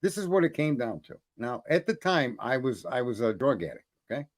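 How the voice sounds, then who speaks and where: Male host, rants bluntly, swears a lot, restarts sentences, pitch swings widely. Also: sing-song, brisk. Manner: blunt, profane, ranting, addresses folks; repeats words when starting sentences. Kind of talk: profane storytelling.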